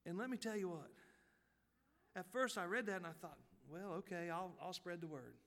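High, bright-voiced preacher in a hall. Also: male voice, expressive, moderate pace. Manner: folksy, swings from quiet asides to loud fervent peaks. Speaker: pastor. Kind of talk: sermon storytelling.

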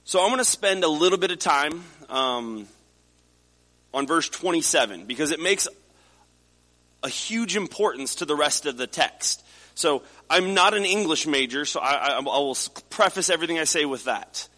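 A man's voice: fairly high pitch, expressive, moderate pace, pushed and bright. A man in his forties from the United States, a pastor preaching a sermon in a conversational storytelling way with frequent restarts. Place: church sanctuary. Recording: reverberant hall.

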